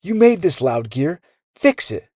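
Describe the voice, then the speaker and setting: A man's voice: a little high, sing-song, unhurried, darkish tone, dry recording, clean studio sound, pitched above the performer's own voice. Bossy, snappy kid, as a man puts him on. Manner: bossy and snappy, turning grudgingly polite. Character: bossy loud young boy.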